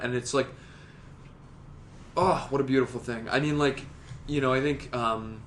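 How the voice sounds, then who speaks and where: Podcast co-host, male, mid-pitched, rambling and excitable, salty language, casual chat. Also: moderate pace, long pauses, a little hiss or hum. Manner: rambling, excitable, swears a lot.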